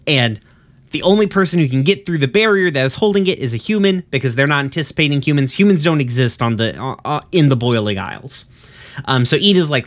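A man's voice: medium pitch, lively intonation, fast talker. A man co-hosting a podcast, casually recapping an episode in a rambling, profane way full of fillers. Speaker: podcast co-host.

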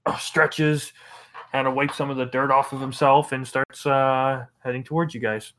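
A man's voice: mid-range voice, fairly even intonation, moderate pace, a bit bright, slight background noise. A man runs a tabletop game, narrating loosely with plenty of fillers and restarts. His voice sits in a plain middle register. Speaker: game master.

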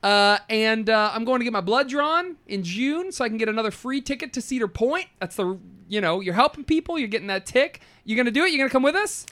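A podcast co-host chatting casually and playfully, laughing often. The voice swings widely in pitch and drops casual swearing. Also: lively intonation, fast talker, few pauses, fairly bright tone. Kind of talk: casual chat.

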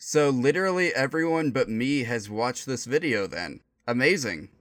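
A young man co-hosting a podcast, talking in a relaxed, dry way with many fillers. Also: mid-range voice, normal speed. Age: young adult. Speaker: podcast co-host. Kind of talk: casual podcast banter.

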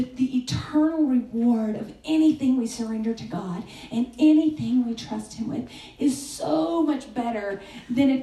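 Woman preaching in a roomy hall. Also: on the high side. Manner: conversational, with fillers and soft hushed quotes. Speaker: speaker at a church gathering. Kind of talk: sermon with a told story. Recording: echoey room, distant mic.

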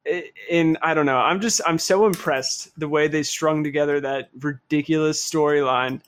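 A man's voice: on the high side, steady tone, moderate pace, a bit bright. A man hosting a podcast, chatting in an easygoing way. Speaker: podcast host. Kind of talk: casual chat.

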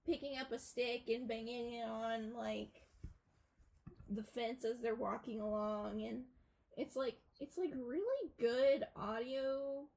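Gravelly young woman, rambling film recap. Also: on the high side, slow pace, darkish tone, rough recording. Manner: rambling with frequent fillers. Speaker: podcast co-host. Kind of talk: casual chat retelling a film.

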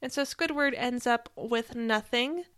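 A young woman co-hosting a podcast in casual chat, animated and laughing often. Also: on the high side, unhurried, smooth, no room sound, studio quality. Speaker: podcast co-host.

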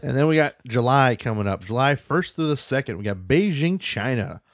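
A man's voice: medium pitch, animated, moderate pace, no room sound, clean studio sound. A man co-hosting a casual podcast, reading out news and events with loose, joking asides and casual swearing. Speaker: podcast co-host.

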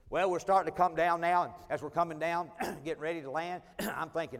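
A man preaching as a traveling evangelist, telling a humorous personal story in an animated, self-mocking way. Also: on the high side, brisk, gravelly, few pauses, in a large hall.

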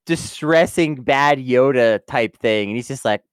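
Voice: medium pitch, unhurried, smooth, dry recording, clean studio sound. A podcast co-host in casual review chat, talking loosely with lots of filler words and easy laughter. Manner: chatty, many "like" fillers, laughs easily.

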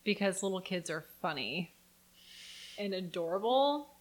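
A woman's voice: medium pitch, animated, measured pace. A young woman co-hosting a podcast, telling a childhood story in casual chat, candid and blunt, with casual swearing. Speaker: podcast co-host.

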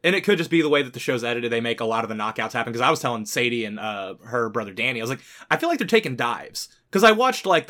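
A man with a bright, forceful voice co-hosts a casual podcast. He rants with heat, swears freely and keeps building his anger from point to point. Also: mid-range voice. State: sick. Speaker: podcast co-host.

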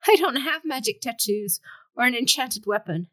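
A woman's voice: on the high side, unhurried, pushed and bright, no room sound, pitched above the performer's own voice. A woman voicing a frightened young male farmer who stammers and panics. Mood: panicked.

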